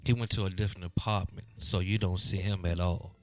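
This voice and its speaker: Deep-voiced man co-host, casual and questioning, faint music behind. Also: steady tone, fairly quick. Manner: questioning, playful, pushes back. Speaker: radio co-host. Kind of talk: casual radio chat.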